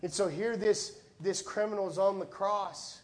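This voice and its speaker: A middle-aged man preaching a sermon as a pastor, telling stories conversationally and swinging between quiet, low lines and loud, high ones. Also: moderate pace, a little hiss or hum. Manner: conversational storytelling with repeated words.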